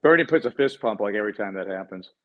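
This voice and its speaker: A man hosting a sports radio show, trading quick, joking banter with his co-hosts. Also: lowish voice, expressive, phone-quality sound. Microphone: studio microphone.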